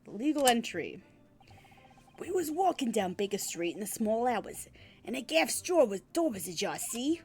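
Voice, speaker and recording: A woman's voice: a little high, sing-song, normal speed, a little mellow, slight background noise. A woman voicing a cocky young male thief in a put-on cockney accent, swaggering and drawling. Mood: boastful.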